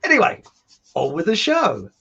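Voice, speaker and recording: A high male voice with huge pitch swings, gravelly, a bit bright, and slightly rough, at normal speed over dull audio. He hosts his own online show in loose, rambling live-stream talk, joking, laughing at his own quips, and reading viewer comments.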